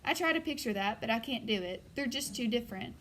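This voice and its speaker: A woman reads a first-person audiobook in an even, storytelling manner. Her voice sits somewhat high, with a faint hiss of noise underneath. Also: quick pace. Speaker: audiobook narrator.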